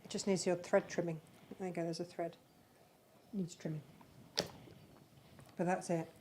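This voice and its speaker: Her voice is lowish and dark, her tone level and her speed normal, with a bit of hiss or hum behind it. She's a crafting-channel host on a live stream, chatting loosely and fondly rambling about the handmade bags she sells.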